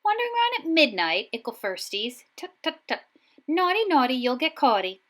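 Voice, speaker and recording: A shrill, cackling poltergeist, as a woman puts him on for a storybook reading, taunting in a high, mocking sing-song. His voice leaps up sharply and bounces with glee. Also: sing-song, normal speed, a bit bright. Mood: gleeful taunting.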